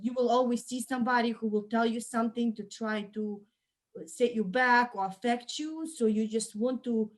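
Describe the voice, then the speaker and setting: A woman hosting the program, calmly reassuring and advising a client in conversation. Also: a little high, moderate pace. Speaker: program host. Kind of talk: supportive advice in conversation.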